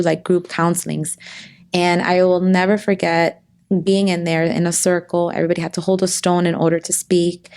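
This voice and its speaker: A woman guest in an interview, talking earnestly and at times tearfully about loss and faith, with halting restarts. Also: fairly low pitch, darkish tone. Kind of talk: emotional interview conversation.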